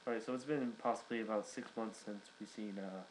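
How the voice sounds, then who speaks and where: Young male reviewer, rambling casual recap, low monotone voice. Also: brisk, a little hiss or hum, rough recording. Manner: rambling, many fillers and restarts. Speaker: wrestling reviewer.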